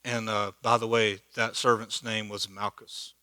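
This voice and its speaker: A man's voice: lowish voice, little pitch movement, a little slow, pushed and bright, no echo. A man teaching a church Bible study in a conversational, joking way, laughing at his own asides. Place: church hall.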